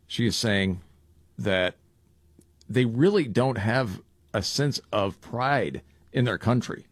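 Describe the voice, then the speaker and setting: A man's voice: on the low side, no room sound. Chatty man hosting a radio talk show.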